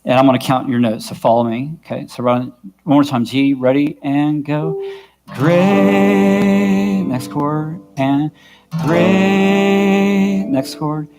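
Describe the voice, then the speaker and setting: Speaking with a flat delivery at a moderate pace, a man with a mid-range voice teaches a vocal workshop for a church worship team. This worship music instructor is patient, frequently making sure everyone keeps up, while his own guitar plays behind him.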